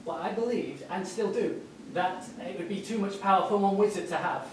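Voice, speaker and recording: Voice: medium pitch, fairly quick, natural voice. A student actor playing an earnest, prim young wizard in a comedy sketch. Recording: echoey hall from far off.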